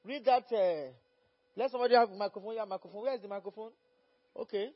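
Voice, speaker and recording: A man preaching at a Bible study as pastor, fervent and repetitive, rising to loud exhortation. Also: sits high, fast. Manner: fervent, repeats phrases, rises to loud exhortation. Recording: dull lo-fi recording.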